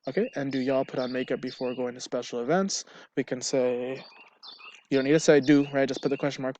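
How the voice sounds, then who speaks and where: A man's voice: mid-range voice, steady tone, normal speed, darkish tone, slight background noise. A man teaching a Spanish grammar lesson, explaining step by step and checking in with "right?". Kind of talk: recorded online lesson.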